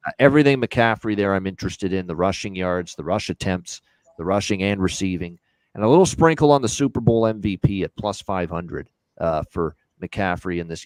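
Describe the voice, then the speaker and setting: A man's voice: low voice, fairly quick, no room sound. A man hosting a live sports betting stream, rattling off picks in a rambling, self-aware way. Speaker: sports betting show host.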